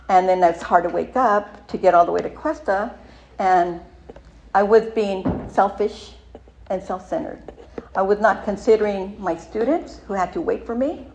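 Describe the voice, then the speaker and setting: A woman's voice: mid-range voice, slight background noise. A middle-aged woman giving a candid, rambling personal recovery share, with many fillers and asides.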